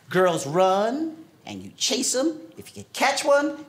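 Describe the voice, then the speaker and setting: A man from New York City does a stand-up set on a theater stage, spinning childhood stories full of put-on voices in an animated way. His voice is very high and his speed normal. The live venue sounds roomy, with audience noise and laughter throughout.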